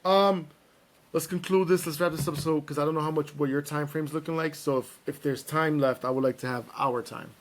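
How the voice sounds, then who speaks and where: A man hosting a podcast in casual, playful chat, animated and joking. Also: fairly high pitch, a little fast. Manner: playful, animated, breaks into singing and impressions. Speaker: podcast host.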